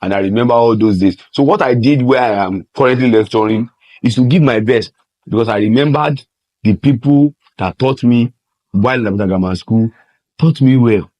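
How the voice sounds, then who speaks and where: A man's voice: mid-range voice, normal speed, no room sound. A man, a university lecturer speaking earnestly in an interview. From Nigeria. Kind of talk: interview testimony. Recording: dull lo-fi sound.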